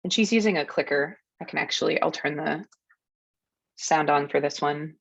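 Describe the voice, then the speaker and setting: Casting: relaxed woman workshop presenter, slightly low voice, dull lo-fi webinar audio. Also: moderate pace, vocal fry, dry recording. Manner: friendly, explanatory, narrates clips with ums and laughs. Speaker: dog trainer presenting a workshop. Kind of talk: educational webinar talk over video clips.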